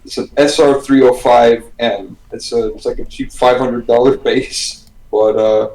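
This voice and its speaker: A man, a band's bassist and composer, chatting relaxed and enthusiastic in a casual Q&A. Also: unhurried. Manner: relaxed, enthusiastic, loose swearing. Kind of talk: casual Q&A chat. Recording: roomy echo.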